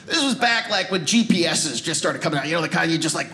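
A man working a stand-up crowd, his voice climbing high and swinging wide as he tells his story. The delivery is emphatic and animated. Noise from a live club sits behind him. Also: fast talker. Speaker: stand-up comedian. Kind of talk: stand-up comedy routine. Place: comedy club stage before a live audience.

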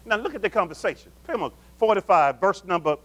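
Animated and fast-talking, this high-voiced male pastor calls out to his congregation during a sermon. He asks them questions in call-and-response fashion, alternating loud, forceful calls with quiet murmurs.

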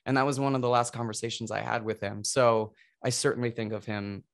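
A man's voice: mid-range voice, fairly even intonation, fairly quick. A man in his thirties, a stage actor, recalling memories in an earnest, emotional way over a video call. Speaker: Broadway actor, guest.

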